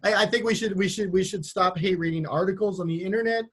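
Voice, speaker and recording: A man's voice: sits high, fast talker, heavy background noise. A man hosting a casual podcast, joking dryly and often stumbling over his words as he riffs. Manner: wry, stammers and restarts when riffing. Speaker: podcast host.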